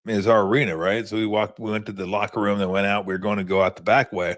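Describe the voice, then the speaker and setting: A man's voice: fairly low pitch, flat delivery, fast talker. A man in his fifties hosting a sports show, telling rambling stories in a laid-back, casual postgame chat.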